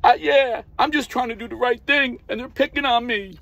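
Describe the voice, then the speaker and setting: A man's voice: normal speed, gravelly, a bit bright, dry recording, heavily acted. A man putting on the whining voice of a weak man who plays the victim. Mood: whiny. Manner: high and whining. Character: whiny self-pitying man playing the victim.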